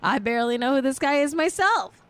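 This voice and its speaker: A woman hosting a podcast, animated and gossipy in casual chat, laughing easily. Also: high voice, a little fast. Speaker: podcast host.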